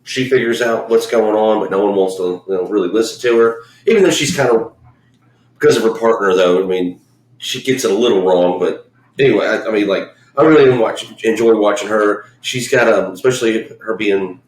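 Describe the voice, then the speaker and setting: A man's voice: lowish voice, brisk, echoey room, rough recording. A man from Memphis, co-hosting a podcast and ranting about a film in blunt, profane, rambling talk. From Memphis, US South. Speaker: podcast co-host. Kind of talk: casual profane film chat.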